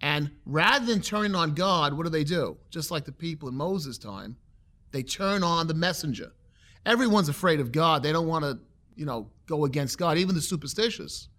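A man's voice: on the high side, expressive, normal speed, sharp tone. A man preaching a sermon, reading scripture passages aloud with rising emphasis and then dropping his voice to explain them. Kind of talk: sermon, expository Bible teaching.

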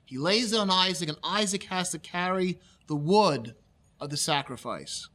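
A male pastor preaching a sermon, reading scripture aloud slowly and explaining the meaning of Hebrew words. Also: sits high, pushed and bright. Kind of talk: expository Bible sermon.

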